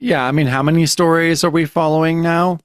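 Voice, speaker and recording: A man's voice: fairly high pitch, steady tone, fairly quick, smooth, no echo, clean studio sound. A man co-hosting a podcast, casually recapping a comic book, laughing, swearing and acting out the characters' lines. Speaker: podcast co-host. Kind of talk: casual chat reading comics aloud.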